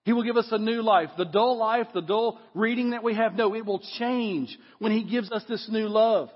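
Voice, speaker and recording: A middle-aged man preaching a lively sermon in a church, dropping low for effect. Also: moderate pace. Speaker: pastor. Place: church sanctuary. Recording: long hall reverb, dull lo-fi sound.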